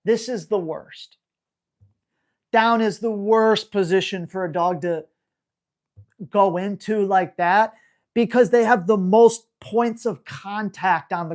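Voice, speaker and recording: Slow-talking woman coaching on dog training. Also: mid-range voice. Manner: energetic, emphatic, casual coaching talk. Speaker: dog trainer answering viewer questions. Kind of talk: live Q&A coaching.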